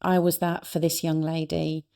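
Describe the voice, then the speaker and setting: A middle-aged woman with a fairly low voice tells a personal story on a podcast. She talks with earnest warmth and often restarts her sentences. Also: level tone, moderate pace, creaky. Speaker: guest, speaker and coach. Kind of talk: reflective storytelling in a podcast interview.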